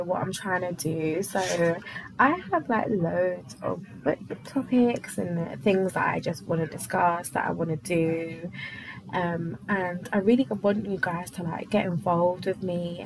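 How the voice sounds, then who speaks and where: A woman's voice: on the low side, background noise. Chatty young woman hosting a podcast. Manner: chatty, rambling, many fillers, quick laughs. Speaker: podcast host. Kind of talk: casual solo chat.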